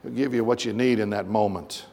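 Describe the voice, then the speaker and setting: A man's voice: lowish voice, a little fast, creaky, darkish tone, long reverb tail. A man preaching a sermon as pastor, emphatic and full of rhetorical questions. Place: church sanctuary.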